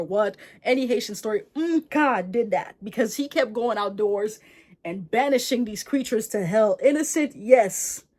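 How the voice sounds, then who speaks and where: A woman's voice: mid-range voice, darkish tone. A woman vlogger retelling a folktale in a chatty, slangy, digressive way. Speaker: storyteller vlogger.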